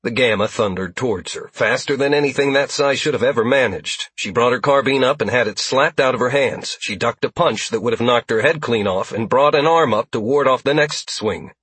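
Brief: a husky man reading action fiction aloud, steady delivery, dry close sound. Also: medium pitch, brisk, few pauses, no room sound. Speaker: audiobook narrator. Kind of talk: scripted narration.

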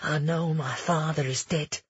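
A man's voice: a little high, steady tone, a little slow, slightly rough, dry recording, muffled recording. A man voicing a sly, vengeful male nobleman villain in an audiobook, taunting and cold.

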